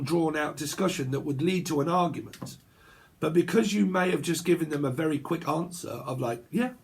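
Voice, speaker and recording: A man reads tarot cards in a casual vlog, and his voice is husky and sits a little high for a man. He rants and swears freely, voicing both sides of imagined arguments as he goes. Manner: ranting, swearing, acts out imagined dialogue. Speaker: tarot reader.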